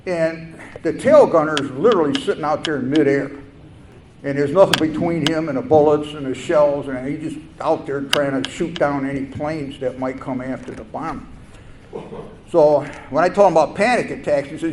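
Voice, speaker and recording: An older man telling a personal story at a recovery meeting, halting and reflective, with fillers and restarts. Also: a little high. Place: meeting hall. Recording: echoey room with faint noise.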